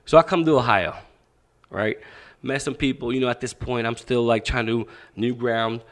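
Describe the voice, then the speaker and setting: Man, young adult, boxing coach, podcast guest, profane, animated, acts out dialogue, mid-pitched voice. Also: normal speed. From Pakistan. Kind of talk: candid storytelling interview.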